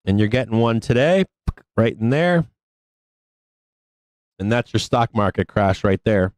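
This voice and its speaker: A man hosting a live stock market show, giving casual trading commentary in a rambling, profane way with many fillers and quick bursts. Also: fairly low pitch, animated, darkish tone, no room sound, poor audio.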